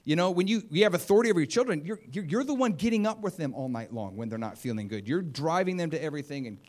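A man preaching a sermon in an animated, conversational way, often acting out what people say. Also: a little high, fast. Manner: animated and conversational, acts out quotes.

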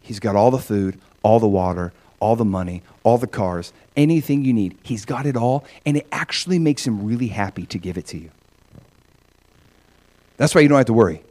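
A middle-aged man preaching a sermon, animated, often acting out voices in quotes. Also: fairly low pitch, brisk. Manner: animated, acts out God's voice in quotes. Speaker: pastor.

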